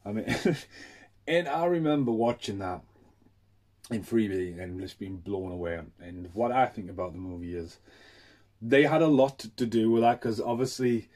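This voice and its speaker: A man rambles keenly about films in a casual unboxing chat, swearing freely. His voice sits low and mellow, with a husky edge. He talks like a fan on a rant. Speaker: film collector reviewing a Blu-ray.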